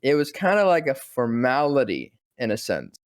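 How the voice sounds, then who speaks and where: A young man tells a story with excitement, jumping into different voices as he quotes people. He swears casually, and his voice sounds dry and close to the mic. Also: mid-range voice, moderate pace, dry recording. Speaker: voice actor guest. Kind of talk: animated storytelling interview.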